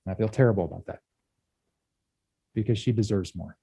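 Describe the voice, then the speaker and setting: A male pastor giving a candid sermon, speaking with pauses and restarts. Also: fairly low pitch, gravelly, mellow, breathy edge, dry recording. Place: church.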